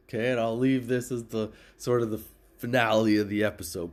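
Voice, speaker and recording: A man's voice: medium pitch, a little fast. A middle-aged man hosting a comedy podcast, telling a casual story with lots of swearing and laughing at his own jokes. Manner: profane, animated, laughs at own stories. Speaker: podcast host.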